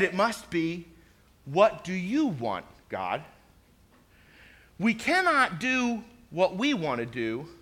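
A man preaching a sermon, telling stories with lively emphasis and often repeating his words as he goes. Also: sits high. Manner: animated storytelling, repeats words, acts out quoted voices. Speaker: pastor.

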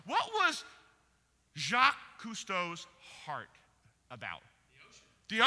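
Animated pastor in a reverberant hall. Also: male voice, high voice, slow pace, pauses often. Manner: lively, swings from quiet teaching to loud praise. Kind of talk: sermon with audience quiz. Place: church hall.

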